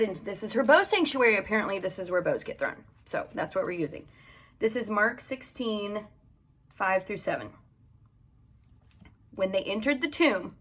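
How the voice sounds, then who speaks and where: A woman with a sharp-toned, mid-range voice chats casually and reads scripture aloud for her devotional podcast, which she records in a home closet. The talk is relaxed devotional Bible teaching.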